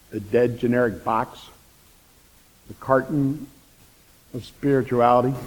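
A man preaching a sermon as the pastor, telling a story with animated, repetitive emphasis. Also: mid-range voice. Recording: long reverb of a church hall.

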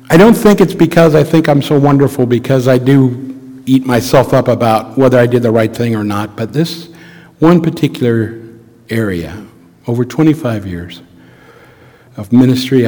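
Middle-aged pastor, a man with a slightly high voice, earnest and reflective, heard in a church with long reverb. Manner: earnest, reflective storytelling with rhetorical questions. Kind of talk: sermon. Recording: long reverb of a large hall.

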